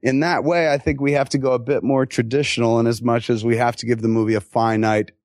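A man's voice: medium pitch, dry recording. Guy at a live q&a, swearing a lot, acting out what people said, dry close sound. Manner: animated, profane, quick asides and acted-out quotes. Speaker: filmmaker answering audience questions. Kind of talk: live Q&A storytelling.

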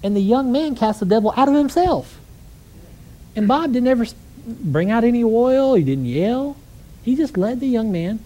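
Man preacher, warm mellow tone, conversational sermon, animated storytelling, rhetorical questions. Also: very high voice, moderate pace.

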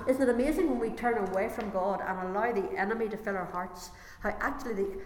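A woman delivers a sermon in a hall with a long echo. She reads scripture aloud, then breaks off to explain each passage in her own words. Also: mid-range voice. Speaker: preacher. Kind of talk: sermon with Bible reading.

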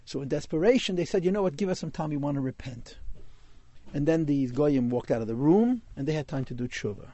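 A man's voice: a little high, expressive, a little fast, mellow, dull audio. A man telling a Hasidic story in a class, mixing in Yiddish and Hebrew words.

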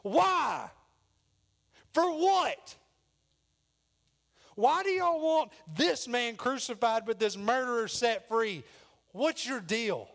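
A preacher playing a flustered Roman governor. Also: male voice, animated, normal speed. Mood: exasperated. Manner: high-pitched, loud, exasperated. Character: flustered Roman governor, male, cornered and defensive.

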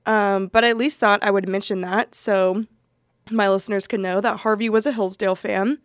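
A woman's voice: mid-range voice, fairly even intonation, moderate pace, no echo. Casting: woman podcast host, chatty and informal, dry close-mic sound. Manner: conversational, with frequent ums. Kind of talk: casual podcast intro.

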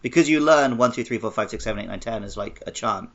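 A man co-hosting a podcast, chatting casually and telling animated stories with quoted voices. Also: fairly low pitch, fast, lo-fi sound. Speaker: podcast co-host. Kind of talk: casual chat.

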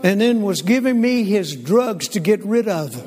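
An older man, telling stories in a folksy, animated sermon with frequent restarts. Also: high voice, unhurried, a crowd in the background. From Southern United States. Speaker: preacher. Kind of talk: sermon storytelling. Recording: long hall reverb.

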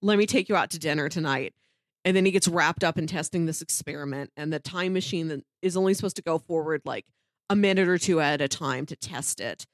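Brisk and echo-free, she co-hosts a podcast with casual, animated chatter. She laughs a lot, her voice rising and falling across a wide range.

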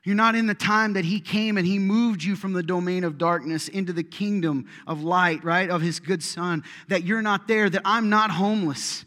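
A middle-aged male pastor with a fairly high voice, giving a sermon. His talk is loose and joking, and it swells into emphatic preaching. A long reverb trails off the walls of the church hall. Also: fairly even intonation, moderate pace, few pauses, a bit bright. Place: church sanctuary.

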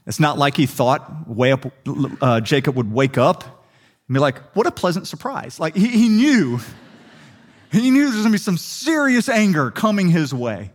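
A young adult man preaching a sermon, telling a story with lively quick asides. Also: fairly high pitch. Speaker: pastor.

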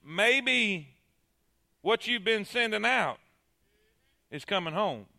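Bright, high-voiced preacher man. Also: expressive, slow pace, vocal fry. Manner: emphatic, calls on the congregation. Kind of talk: sermon.

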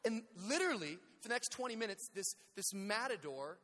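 A man preaching a sermon, telling a story in an animated way, acting out scenes with shouts and sound effects. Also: high-pitched, brisk. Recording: long hall reverb.

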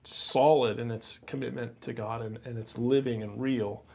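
A man's voice: medium pitch, moderate pace. A man co-hosting a casual chat, telling stories animatedly and calling his friend bro. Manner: animated storyteller, says bro and crazy. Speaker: co-host.

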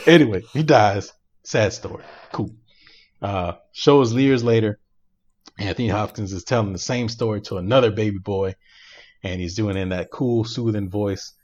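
A low-voiced man tells a movie plot in a loose, animated way, with lots of fillers, and he laughs often. He is co-hosting a casual podcast. The sound is dull and lo-fi. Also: moderate pace. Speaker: podcast co-host. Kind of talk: casual chat, recapping a movie.

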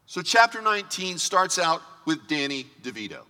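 A male pastor preaching in a big church sanctuary, his voice ringing out with a long hall reverb behind it. His delivery is bright and sharp, pitched a little high, and it swings up and down freely as he jokes with and speaks directly to the congregation. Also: normal speed, few pauses. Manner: lively, joking, talks straight to the congregation. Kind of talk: sermon.

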